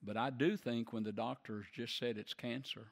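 A male pastor delivering a sermon, emphatic and slowing down to stress key words. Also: medium pitch, fairly even intonation, vocal fry. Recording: long reverb of a large hall.

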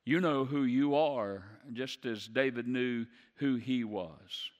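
A man preaching a sermon, moving from low, hushed passages to loud, impassioned declarations. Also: slow, dull audio. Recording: long hall reverb.

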